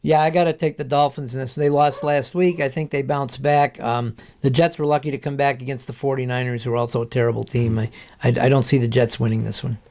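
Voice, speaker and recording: A man as a guest sports analyst in a casual picks chat, measured and hesitant, with many restarts. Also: medium pitch, little pitch movement, darkish tone.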